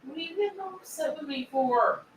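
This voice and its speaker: High, lively woman heard from across a room. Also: fairly quick. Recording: distant, roomy home audio.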